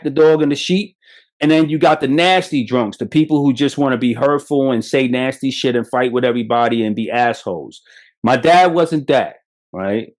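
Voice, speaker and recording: A middle-aged podcast host from Brooklyn, New York, speaks directly to listeners in a motivational monologue. His somewhat high voice is blunt and profane, and he tells stories in an animated, emphatic way.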